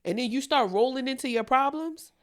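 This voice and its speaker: A woman's voice: high voice, a little fast. Blunt, profane young woman podcaster. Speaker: podcast co-host. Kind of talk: candid casual chat.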